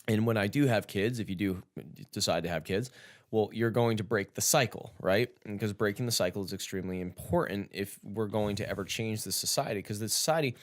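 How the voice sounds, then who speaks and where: Man, podcast host, casual chat, blunt, profane, animated. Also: fairly low pitch, brisk. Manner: blunt, profane, gets loud and animated telling stories.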